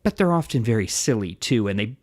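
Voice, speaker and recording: A man's voice: on the low side, expressive, fairly quick, darkish tone, no room sound, clean studio sound. A man co-hosting a podcast in casual chat, explaining at length with frequent asides. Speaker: podcast co-host.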